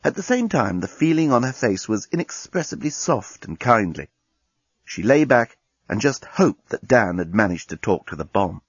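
A man narrating an audiobook with a slightly husky voice and a lively, varied pitch. The sound is dry and close, with a dull, lo-fi quality. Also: normal speed, dry recording. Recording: dull lo-fi recording.

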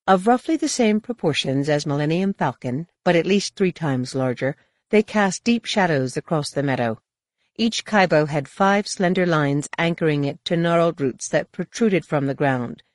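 A woman narrating a novel as an audiobook in a steady, even storytelling manner. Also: low-pitched, no room sound, clean studio sound. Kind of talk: scripted narration.

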